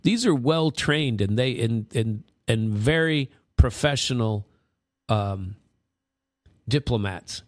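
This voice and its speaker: A man's voice: medium pitch, slow, dry recording, studio quality. A man hosting casual political commentary, rambling with sarcastic asides. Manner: rambling, many fillers and restarts, sarcastic asides. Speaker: host.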